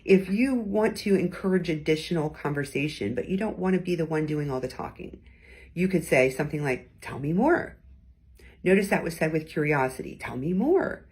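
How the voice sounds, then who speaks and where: A woman's voice: deep voice, a little fast, darkish tone, husky. A woman hosting a weekly talk, teaching about tone of voice in a conversational, encouraging way and acting out different tones as examples. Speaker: host and communication coach.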